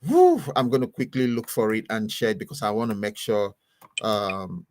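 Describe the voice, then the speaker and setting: A man's voice: fairly low pitch, sing-song, moderate pace, darkish tone, no echo. A man hosting a podcast as pastor, rambling and chatty in a casual sign-off. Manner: rambling, chatty, often laughing. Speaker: host.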